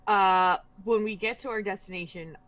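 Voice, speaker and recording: A woman's voice: mid-range voice, fairly even intonation, moderate pace, a bit bright. A woman playing a tabletop game, describing her character's actions and asking the game master questions. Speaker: player. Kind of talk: tabletop role-play.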